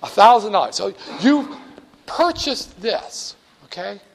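A male teacher giving a lecture with a lively, joking delivery. He talks straight to his students and teases them as he goes. His voice is fairly high for a man. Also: slow, creaky, slight background noise. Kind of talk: classroom lecture.

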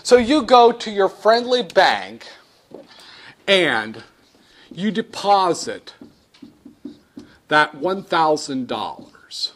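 Male lecturer, high voice with wide swings, animated and jokey in a classroom. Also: drawn-out words, pauses often. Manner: animated, joking, acts out dialogues with students. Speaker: economics lecturer.

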